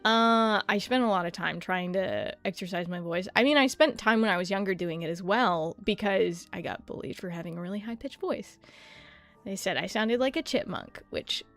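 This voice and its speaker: A woman streamer chatting casually and rambling about practicing a deeper voice, self-deprecating and swearing freely. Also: normal speed, a bit bright, faint music behind. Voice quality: slight lisp-like clicking from a tongue piercing. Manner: experimenting with pitching her voice deeper. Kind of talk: casual livestream chat.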